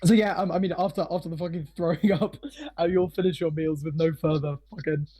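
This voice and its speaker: A man's voice: on the high side, steady tone, fairly quick, warm tone. A man narrating as game master for a tabletop game, laughing often and swearing freely.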